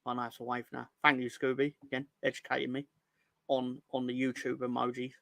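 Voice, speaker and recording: A man's voice: mid-range voice, completely flat delivery, fairly quick, gravelly, fairly bright tone, no echo. A man hosting a football fan show in a casual livestream chat. He reads out viewer comments, jokes and rambles, stumbling over words. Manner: jokey and rambling, stumbles and restarts, puts on silly voices for comments.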